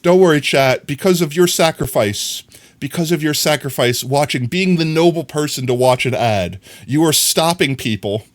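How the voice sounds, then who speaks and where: A young adult man livestreaming, chatting casually and teasingly with his viewers while he plays a game. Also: normal speed. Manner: playful and teasing, talks straight to chat; animated, rising pitch swings.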